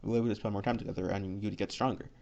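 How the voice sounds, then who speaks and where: A man's voice: on the low side, fairly even intonation, rapid-fire, creaky, a little mellow. A man voicing a young male assassin captain who talks in a hesitant, stuttering way. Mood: calm. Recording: lo-fi dull recording.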